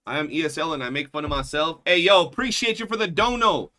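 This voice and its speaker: Slangy New streamer guy, bright voice. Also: a little high, quick pace. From New York. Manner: loose, profane, slangy, keeps saying bro. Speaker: livestreamer. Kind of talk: casual chat with viewers.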